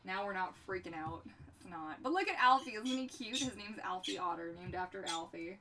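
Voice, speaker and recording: A woman's voice: mid-range voice, a little fast. Chatty young woman livestreaming from afar. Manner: chatty and animated, talks to her pets. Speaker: livestream host. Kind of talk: casual livestream chat. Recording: distant mic with background noise.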